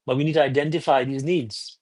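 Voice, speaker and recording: A man speaking as a guest commentator, calm and explanatory. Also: mid-range voice, fairly quick, over a noisy crowd.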